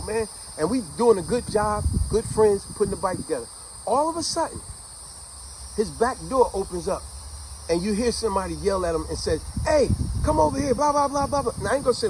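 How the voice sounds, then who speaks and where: Brief: middle-aged male vlogger, conversational and animated, slightly high voice, light background noise. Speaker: vlogger telling a childhood story. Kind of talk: casual storytelling to camera.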